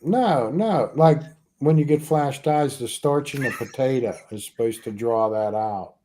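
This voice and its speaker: A man's voice: mid-range voice, unhurried, warm tone, slight background noise. A man co-hosting a casual livestream chat, easygoing and laughing along over a video call.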